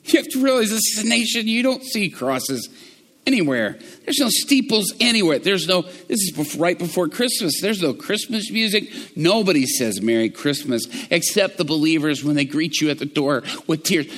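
A middle-aged man preaching a sermon. His voice sits a little high for a man. He tells his story quietly and low, then rises into loud, passionate proclamation. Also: lively intonation, normal speed, big-room sound.

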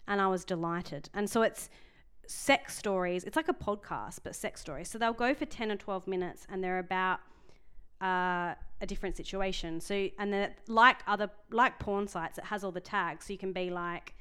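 A woman's voice: medium pitch, normal speed, pushed and bright, clear, resonant tone. A young adult woman co-hosting a casual podcast chat, telling stories in a rambling way, often restarting her sentences. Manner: rambling, self-interrupting storyteller. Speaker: podcast co-host.

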